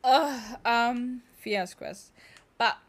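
A woman's voice: fairly high pitch, very slow. A young woman, chatting and exclaiming as she streams a game. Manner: chatty, exclaiming, talks to chat. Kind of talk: casual gameplay commentary.

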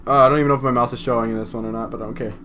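A man's voice: mid-range voice, steady tone, racing, pushed and bright, slight background noise. A young man hosting a horror game let's play, talking nervously to himself and to the game. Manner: nervous, jittery, talks to the game. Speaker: gaming channel host.

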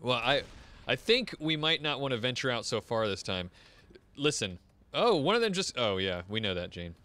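A man leading a group through an online game, excitable and laughing often in casual gaming chat. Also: mid-range voice, moderate pace, no room sound. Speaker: game leader.

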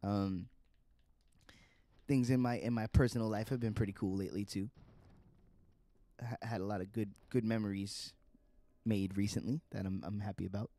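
A man's voice: fairly low pitch, fairly even intonation, moderate pace, long pauses, dark tone. Profane, chatty man streaming a game. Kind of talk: live gameplay commentary.

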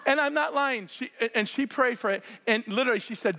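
A middle-aged man preaching a sermon, telling healing stories with excited shouts and laughter. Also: high-pitched, brisk, long reverb tail. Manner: excitable storyteller, shouts and laughs while acting out scenes. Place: church sanctuary.

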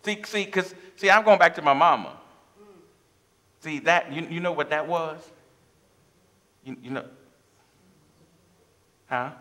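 A man's voice: a little high, slow, pauses often, pushed and bright. A man preaching a sermon as pastor of his church, impassioned, with call-and-response asides to the congregation. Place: church sanctuary.

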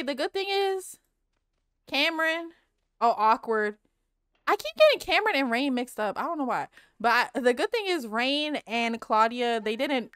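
A woman giving casual, animated commentary on her game, talking straight to viewers, swearing and laughing often. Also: sits high, clear, resonant tone, no echo, studio quality. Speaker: Let's Play creator.

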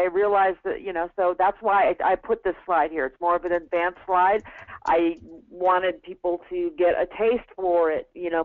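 A woman's voice: on the low side, no room sound. A woman teaching a live webinar in a casual, rambling way, with frequent restarts and fillers. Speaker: webinar instructor. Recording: tinny phone-like line, dry.

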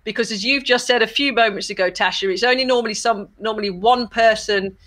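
A woman in her forties, a former athlete turned broadcaster, chatting in an interview with ready laughter and quick, enthusiastic bursts. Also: fairly high pitch, fairly bright tone. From England. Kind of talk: casual interview chat.

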